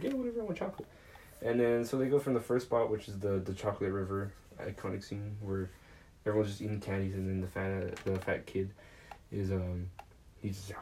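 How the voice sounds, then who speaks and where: A young man with a fairly low voice retells a movie in a loose, rambling way. He swears freely and jumps into quick impressions of each character. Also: a little mellow, rough recording. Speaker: podcast host. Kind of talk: casual movie recap.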